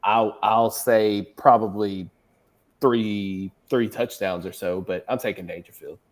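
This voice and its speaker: A man's voice: fairly low pitch, fairly even intonation, a little slow. A man on a sports show panel, confidently making football predictions and teasing his co-hosts. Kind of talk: casual sports chat.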